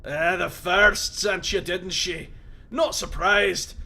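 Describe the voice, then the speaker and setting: A man voicing a gruff, battered middle-aged male cyborg scavenger who growls his words. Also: high voice, steady tone, takes it slowly, sharp tone, voice pushed up, full character voice.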